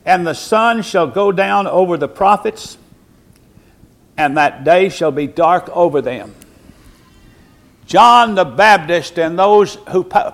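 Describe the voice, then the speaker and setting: A male preacher, delivering a sermon with slow, deliberate emphasis, swinging from quiet, low lines to loud, high cries.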